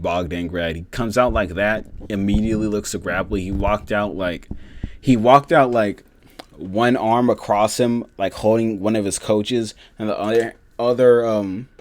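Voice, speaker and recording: A man giving a casual, rambling reaction breakdown of fights as a reviewer, swearing heavily and filling pauses with "um" and "you know". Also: fairly low pitch. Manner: rambling, heavy swearing, many fillers.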